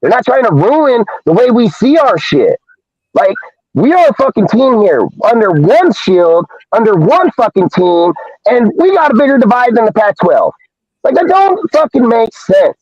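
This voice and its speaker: A man's voice: extremely high pitch, sing-song, normal speed, darkish tone, no room sound. A man hosting a live show, ranting in a heated, profane, confrontational way. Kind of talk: live-stream rant. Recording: dull lo-fi dry stream audio.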